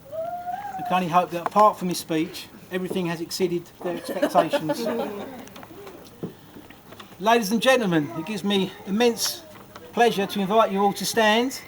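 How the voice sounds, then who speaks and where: A man delivers a rambling best man's speech at a wedding reception, cracking jokes and laughing as he goes. His voice sits high. Loud background noise runs under the whole speech. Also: big pitch swings, moderate pace, pauses often. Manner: jokey, rambling, often laughing.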